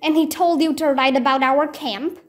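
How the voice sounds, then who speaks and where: A woman's voice: high-pitched, fairly even intonation, normal speed, lightly acted. Woman reading as a stern barking Roman officer. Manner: barked orders and demands. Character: stern commanding adult male Roman officer.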